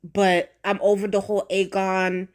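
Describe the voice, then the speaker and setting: A woman talks through a TV episode in a casual review vlog. She is blunt and slangy, swears freely, and speaks straight to her viewers. Her voice sits at a middle pitch. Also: little pitch movement, unhurried. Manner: outspoken, addresses viewers directly. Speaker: TV show reviewer.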